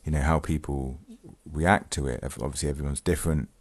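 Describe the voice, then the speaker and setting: A man's voice: rumbling low, steady tone, a little fast, husky. A man hosting his own vlog, talking through a true-crime case in a casual, hesitant way with many ums and restarts, sometimes reading from a news article. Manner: reads news excerpts aloud. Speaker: vlogger, channel host.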